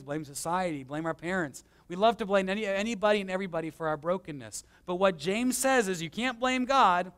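A man preaching a conversational sermon as pastor, swinging between emphatic and hushed, with self-deprecating stories. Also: high voice. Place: church.

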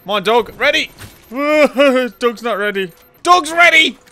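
A man's voice: very high voice, lively intonation, takes it slowly, sharp tone, faint music behind. A young man giving rowdy, joking let's play commentary, swearing and bantering at the game. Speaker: gaming YouTuber.

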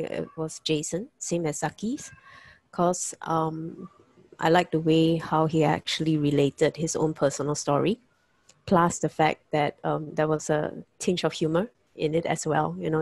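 A woman chats casually on a video call. Her voice is deep for a woman, with a gravelly texture, and the sound is dry and close. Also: darkish tone, no echo, low-quality recording. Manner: chatty, laughs while telling. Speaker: workshop participant.

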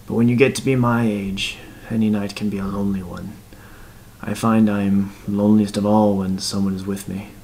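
A man voicing a frail, blind old man in his seventies who is a killer, speaking slowly and pleadingly. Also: fairly low pitch, level tone, darkish tone, a little hiss or hum, close to an everyday voice. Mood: calm. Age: 70s.

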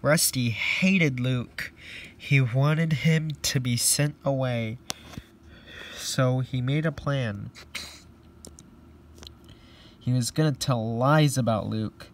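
A man narrating a train story in a slow, deliberate storybook reading. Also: medium pitch, slight background noise.

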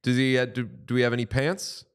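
Guy joking around on a podcast, smooth clear voice, mid pitch. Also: a little fast. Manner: playful, jokey, animated ad reading. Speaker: podcast co-host. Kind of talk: casual chat with ad read.

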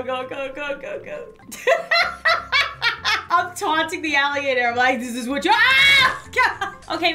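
A young woman playing a mobile game on camera, giving excitable running commentary, shrieking and laughing and talking to the animals. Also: high voice. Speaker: gaming YouTuber.

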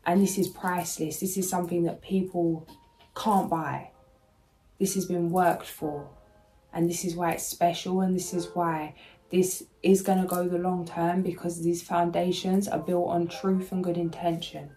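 A woman's voice: lowish voice, level tone, a little slow, low-quality recording. A woman giving a soothing spiritual tarot reading to her viewers, speaking emotionally and sometimes searching for words. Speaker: tarot reader. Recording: soft music underneath.

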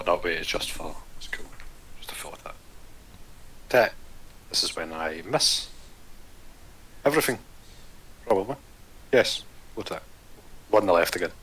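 A man's voice: breathy edge, poor audio. A man as a player in a tabletop game, muttering his dice rolls and chatting casually. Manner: relaxed, muttering dice rolls, jumpy pitch when excited.

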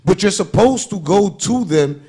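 A man's voice: high-pitched, a little slow, husky. A man co-hosting a podcast in casual, heated chat, swearing freely and arguing with energy. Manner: animated, swearing, acts out quoted voices. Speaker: podcast co-host.

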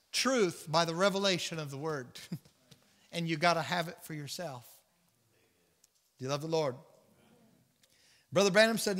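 A man's voice: high-pitched, bright, forceful tone. A man with a Southern US accent leading a Bible study, preaching earnestly and telling stories while acting out the voices in them. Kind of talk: sermon-style Bible teaching with storytelling. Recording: church hall reverb.

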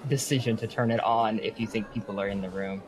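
A man narrating a tabletop game as game master, pausing often with ums as he describes scenes. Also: lowish voice, crowd noise, low-quality recording. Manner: hesitant, filler-heavy narration with lively swings.

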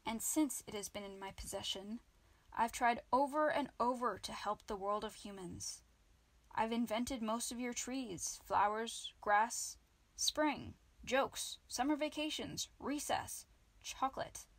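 A woman's voice: on the high side, unhurried, no echo. A woman voicing a solemn, fussy male rabbit warrior who is the last of his kind, in a storybook reading. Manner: fussy, solemn, egg-obsessed.

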